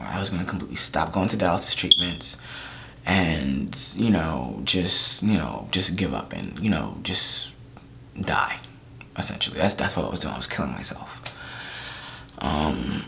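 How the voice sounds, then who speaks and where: A man talking in a confessional vlog, holding back tears, halting and trailing off into near-whispers. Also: sits low, creaky, a bit bright, a little hiss or hum. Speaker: vlogger. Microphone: camera mic.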